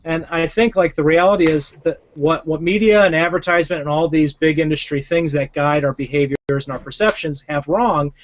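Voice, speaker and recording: A man's voice: fairly high pitch, brisk, few pauses, a little hiss or hum. A young man hosting a podcast, talking earnestly in rambling casual chat with lots of fillers. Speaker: podcast host.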